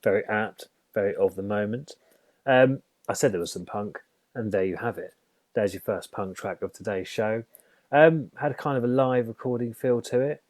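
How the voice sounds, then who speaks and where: A man's voice: lowish voice, normal speed, darkish tone, no room sound. A man presenting a local radio music show in a chatty, self-deprecating way.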